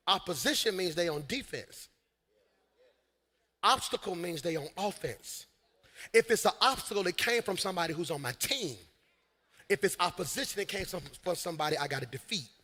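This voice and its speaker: A man preaching a live sermon, energetic, shouting at peaks and calling out to the congregation. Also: high voice. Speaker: senior pastor. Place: large church hall. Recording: live hall with long reverb.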